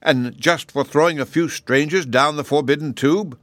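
A loud, boastful old gnome king, as a male narrator puts him on, pitched well above a normal speaking voice and full of bluster. He sounds close and dry, with no room around him. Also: normal speed, no room sound, natural voice. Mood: defiant. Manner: loud, bragging, indignant.

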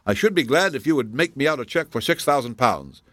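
A man voicing a cold, precise male detective in an audiobook, measured and inexorable. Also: medium pitch, lively intonation, fairly bright tone, dry recording, pitched above the performer's own voice, natural voice. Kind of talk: audiobook character voice.

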